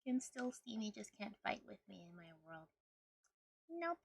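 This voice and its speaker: A young woman streamer chatting casually with her viewers, bubbly and giggly, with a slightly rough morning voice. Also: medium pitch, sing-song, normal speed. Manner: bubbly, giggly, greets chat one by one. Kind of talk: casual live-stream chat.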